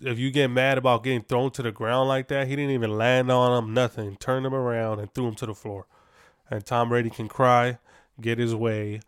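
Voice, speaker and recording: A man's voice: mid-range voice, clean tone, dry recording, clean studio sound. A man hosting a sports podcast, giving casual, opinionated takes with lots of fillers and restarts.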